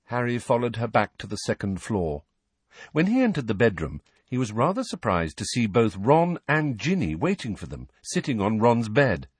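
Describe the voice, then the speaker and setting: A man narrating an audiobook with an expressive, storytelling delivery. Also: medium pitch, normal speed, slightly rough, no room sound. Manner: expressive, lively reading. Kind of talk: scripted narration.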